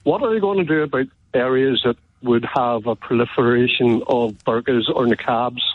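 Breathless Northern Irish caller on phone line. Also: male voice, mid-range voice, no room sound. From Northern Ireland. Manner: measured, hedging, polite. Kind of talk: phone-in call. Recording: tinny phone line, very dry.

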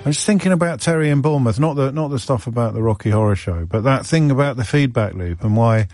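A man's voice: mid-range voice, lively intonation, fast talker, music in the background. A man hosting a radio phone-in, talking in a rambling, teasing way with self-mocking asides. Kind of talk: casual radio chat. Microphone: studio microphone.

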